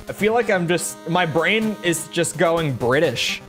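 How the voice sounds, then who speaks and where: A woman's voice: lowish voice, animated, unhurried, music in the background. A woman streaming a game, chatting casually, rambling and correcting herself as she goes. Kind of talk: casual live-stream chat.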